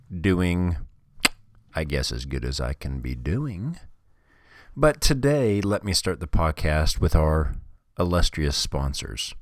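A man's voice: low voice, no echo, studio quality. A man hosting his own podcast, opening the show in a joking, casual way. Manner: joking, upbeat. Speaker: podcast host.

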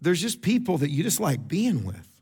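A middle-aged man, preaching a sermon in a conversational style. He repeats words, makes quick asides to the congregation, and gets louder and higher to stress a point. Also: big pitch swings, breathy edge. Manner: rises in pitch and volume for emphasis. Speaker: pastor.

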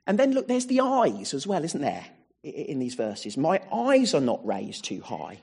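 Husky-voiced male preacher, higher pitch. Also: wildly swooping pitch, unhurried, darkish tone. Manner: frequent rhetorical tag questions; expository, walking through verses. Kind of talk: sermon.

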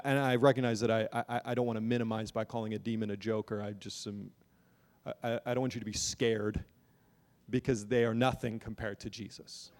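A man's voice: fairly high pitch, a little mellow, big-room sound. A man preaching a sermon from a pulpit in a church, earnest and building emphasis, often repeating words as he goes. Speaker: pastor. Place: church sanctuary.

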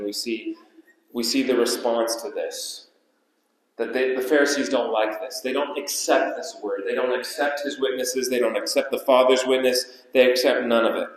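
A man preaching a sermon as pastor, with emphatic delivery that repeats key phrases and slows down for weight. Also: mid-range voice, flat delivery. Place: church sanctuary. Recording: echoey church hall.

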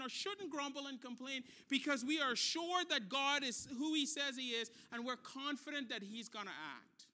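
A pastor preaching a sermon, emphatic and repetitive, swinging between quiet and loud. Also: high-pitched.

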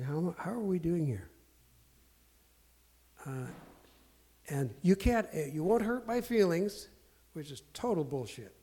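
Earnest, halting man, mellow tone. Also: medium pitch. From Portland area. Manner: self-deprecating, earnest, halting with many fillers. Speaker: speaker sharing life lessons. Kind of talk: candid storytelling talk.

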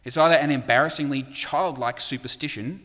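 Male preacher, middle pitch, chatty sermon delivery, fillers, reverberant church hall. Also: a little fast, a bit bright. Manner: conversational, with frequent "uh" fillers and acted quotes.

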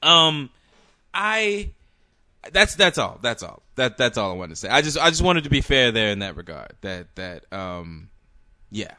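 A man co-hosting a podcast in casual chat, animated and profane, rambling with frequent restarts. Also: medium pitch, unhurried, no room sound, clean studio sound. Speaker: podcast co-host.

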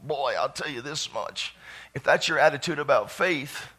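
A pastor preaching a sermon in church, fervent and breaking into excited shouts. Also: male voice, a little high, moderate pace. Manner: fervent, bursts into shouts and exclamations.

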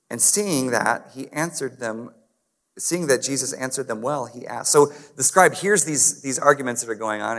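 Man, pastor, conversational sermon, mid pitch, echoing hall. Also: creaky, a bit bright. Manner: conversational preaching, asks the congregation to respond. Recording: long hall reverb.

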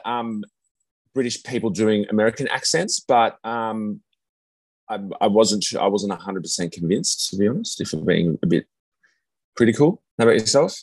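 Deep, husky Australian man, easygoing. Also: moderate pace, no echo. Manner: easygoing, lots of "yeah" fillers. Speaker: podcast co-host. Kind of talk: casual chat.

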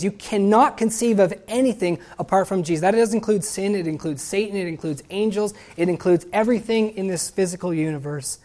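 A woman preaching a sermon, reading scripture and hymn lines aloud and building to loud, emphatic exclamations. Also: medium pitch, moderate pace.

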